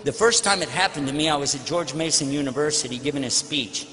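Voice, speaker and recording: High-voiced man telling a story in a hall. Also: fast, crowd noise. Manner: storytelling, acting out quoted dialogue. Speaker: Islamic speaker. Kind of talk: lecture Q&A answer with anecdote. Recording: long hall reverb, faint noise.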